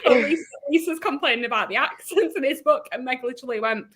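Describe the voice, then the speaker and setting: A woman hosting a casual book club livestream, chatty and quick to laugh, putting questions to her guests. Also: high voice, a bit bright. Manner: chatty, laughs often, asks the group questions.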